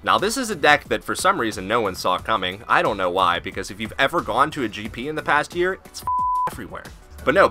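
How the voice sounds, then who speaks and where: A man hosting casual commentary on a card game, joking, swearing and breaking into goofy asides. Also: mid-range voice. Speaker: host.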